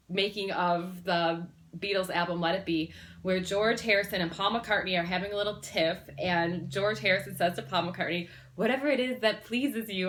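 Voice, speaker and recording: A woman's voice: medium pitch, a little hiss or hum. A woman talking casually to camera as a self-help vlogger, chatty and rambling with frequent ums and restarts, earnest as she shares personal stories. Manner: earnest and warm-hearted, sharing personal stories.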